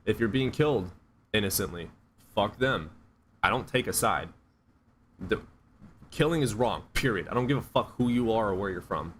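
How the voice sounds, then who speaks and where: Male livestream host, blunt and profane, jokey, animated delivery. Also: lowish voice, moderate pace, long pauses, slight background noise. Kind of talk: casual livestream debate chat.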